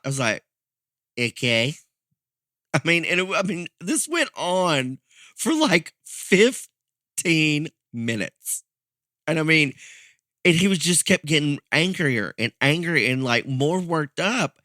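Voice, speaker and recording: A man co-hosting a podcast, telling a story in a casual, animated way, laughing and acting out the people in it. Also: a little high, slow pace, no room sound, clean studio sound. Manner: animated, laughing, acts out quoted voices.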